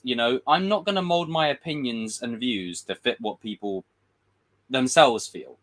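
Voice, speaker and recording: Blunt, animated man hosting a stream. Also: fairly high pitch. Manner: blunt, opinionated, profane; rambling with quick voiced impressions. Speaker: livestream host. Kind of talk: casual film commentary.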